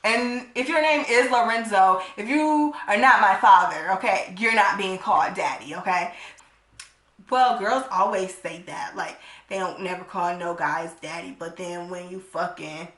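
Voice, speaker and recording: A woman telling a storytime vlog, animated and emphatic, swearing freely and tagging her points with "okay?". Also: mid-range voice, a little slow, echoey room. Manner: animated, emphatic, profane, tagging lines with 'okay?'.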